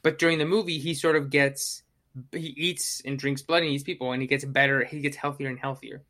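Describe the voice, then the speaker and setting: Podcast co-host, casual review chat; animated and profane, bright tone, mid pitch. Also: fairly quick. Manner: animated, swears, acts out own reactions.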